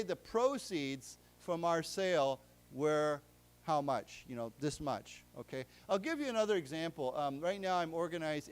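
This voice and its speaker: An American man giving a live English lesson in a library lecture room, explaining words slowly with many fillers and restarts. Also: a little high. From United States. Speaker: English teacher.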